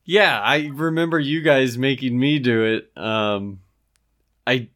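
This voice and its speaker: A young man with a mid-range voice, chatting easily and recounting memories. He often pauses to gather his thoughts. The tone stays relaxed throughout. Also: mid-range voice. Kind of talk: casual chat.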